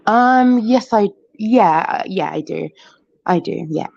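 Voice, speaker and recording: A woman's voice: medium pitch, expressive, creaky, a little mellow, no echo. Panel guest, woman from Jamaica, London-Jamaican accent, teasing banter, dry muffled lo-fi sound. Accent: London mixed with Jamaican. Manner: teasing, laughs often, quick banter. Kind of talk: casual live panel chat.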